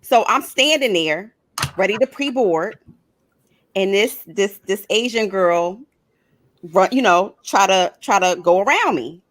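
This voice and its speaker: A woman's voice: medium pitch, lively intonation, a little slow. A woman co-hosting a casual talk show, telling a story in a blunt, brash way. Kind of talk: casual chat.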